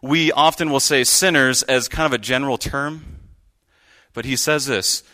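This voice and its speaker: Man preaching a sermon, bright and sharp tone, casual earnest delivery. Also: medium pitch, normal speed. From United States. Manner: conversational, earnest storytelling with asides. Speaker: guest preacher. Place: church pulpit.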